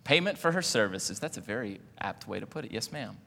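A man's voice: lowish voice, expressive, brisk, creaky, sharp tone, in a large hall. A man preaching a sermon in a casual, joking way, often putting questions to the congregation. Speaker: pastor.

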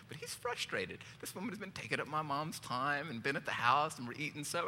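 A man's voice: medium pitch, lively intonation, fast talker, hardly any pauses, bright, forceful tone. A male pastor preaching a sermon in a church, joking, telling a personal story and asking the congregation questions. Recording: long hall reverb, faint background noise.

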